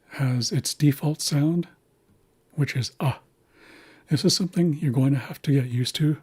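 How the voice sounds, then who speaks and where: A man guides learners through a pronunciation lesson at a deliberately slow pace, repeating each word with care. His voice is heavily breathy and husky, with a mellow, relaxed warmth. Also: mid-range voice. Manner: patient, deliberate, models words slowly and repeats them. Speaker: language teacher. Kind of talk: slow instructional walkthrough.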